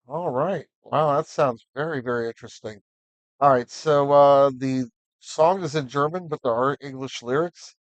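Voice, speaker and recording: A man's voice: medium pitch, normal speed, no room sound, highs cut off. A man hosting a live stream, talking casually and encouragingly with lots of fillers. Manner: encouraging, rambling with many fillers. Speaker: livestream host.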